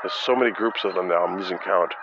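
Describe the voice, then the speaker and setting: A man's voice: sits low, fast talker. A man hosting a casual solo podcast outdoors with geese overhead, talking in a rambling, self-mocking, joking way. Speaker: podcast host. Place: outdoors under flocks of flying geese. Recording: dull lo-fi outdoor recording with clear background noise. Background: honking geese and outdoor ambience.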